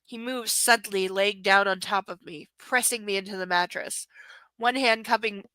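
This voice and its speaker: Female live-stream book reader with a crisp, forceful tone. Sarcastic running commentary, occasional whispered passages. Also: medium pitch, steady tone, moderate pace, no echo, low-quality recording. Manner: sarcastic, mocking asides. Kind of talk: reading a novel aloud with commentary.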